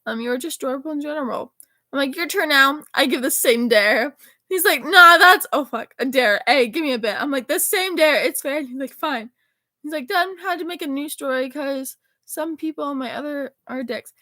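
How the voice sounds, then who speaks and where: Talking to her phone at normal speed, a high-voiced teen girl reads out a run of text messages in a chatty, rambling, animated way, cursing freely. The mic is close and dry, with no room sound.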